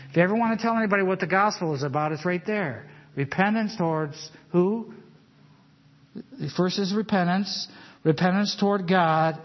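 Conversational male preacher, lo-fi recording. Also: fairly high pitch. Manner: conversational, digressive, slows to read scripture aloud. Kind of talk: informal Bible-study sermon. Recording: dull lo-fi recording.

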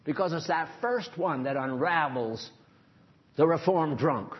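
Speaking at a measured pace, a man preaches in a husky, fairly high voice. His tone is stern and emphatic, broken up by casual asides, and the recording has a dull, lo-fi quality.

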